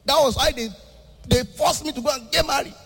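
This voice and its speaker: A young adult Nigerian man from Ibadan performing stand-up comedy, animated, swinging between shouting and a sing-song delivery. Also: extremely high pitch, a little fast, creaky, big-room sound.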